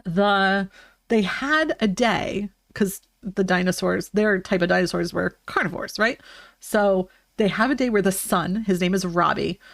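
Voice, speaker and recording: A woman's voice: mid-range voice, a little slow, gravelly, fairly bright tone, no echo, clean studio sound. A young woman streaming live, chatting casually and rambling with lots of fillers and restarts.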